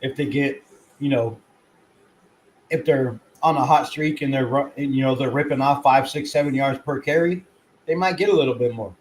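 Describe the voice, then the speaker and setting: Here the fan-channel host gives loose, excitable sports commentary, rambling on with frequent curses and occasional chewing. His medium-pitched voice keeps a normal speed, though the audio is poor with a little background noise.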